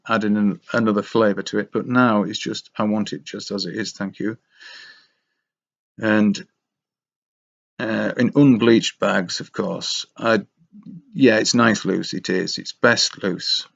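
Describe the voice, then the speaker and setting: A man drifts through a casual, meandering monologue, wry and self-mocking. His voice sits low with a gravelly fry, and he takes his time over every thought. The recording is dull and lo-fi. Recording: dull lo-fi sound.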